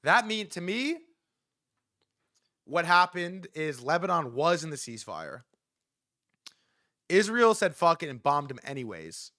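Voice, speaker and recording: A young man in his twenties hosting a live stream, talking in a profane, excitable, rambling way. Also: a little high, measured pace, long pauses, no echo, clean studio sound. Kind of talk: casual live commentary.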